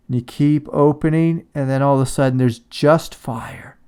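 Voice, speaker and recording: A man giving a calm, reflective spiritual talk as a teacher. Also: medium pitch, normal speed, few pauses, clean tone. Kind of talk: satsang talk on shadow work.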